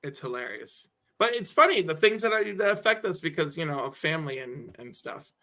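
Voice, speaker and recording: A man chatting casually on a stream, telling animated stories and acting out the people in them. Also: fairly high pitch, fairly quick. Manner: animated storyteller who acts out voices in his anecdotes. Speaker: guest on a collectibles stream. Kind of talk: casual chat, storytelling.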